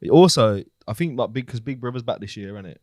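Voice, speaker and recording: Man, podcast co-host; quick, slangy, rambling banter, dry close studio sound. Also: mid-range voice, animated, a little mellow, dry recording. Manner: slangy, rambling, swears freely. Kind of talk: casual banter.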